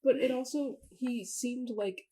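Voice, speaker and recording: A woman's voice: high-pitched, measured pace, mellow, rough recording. A woman co-hosting a casual book discussion, chatting and spinning theories with lots of "like" fillers. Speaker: book podcast co-host.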